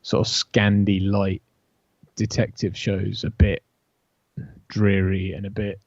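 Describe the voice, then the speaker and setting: A man's voice: on the low side, flat delivery, slow, darkish tone, no echo. A British man co-hosting a casual chat, talking in hesitant, wordy stretches with dry humour. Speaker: podcast co-host. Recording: slightly dull sound.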